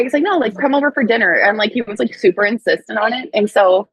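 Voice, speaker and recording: Husky woman telling a candid story. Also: a little high, fast talker, no echo, low-quality recording. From St. Louis, USA. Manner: animated, acts out quoted dialogue with swearing and laughs. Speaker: guest, associate doctor.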